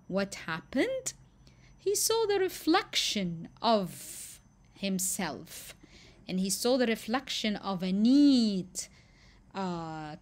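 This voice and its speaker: A woman teacher tells a fable to her class, stopping to ask questions and stress key words. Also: medium pitch. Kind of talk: storytelling lesson.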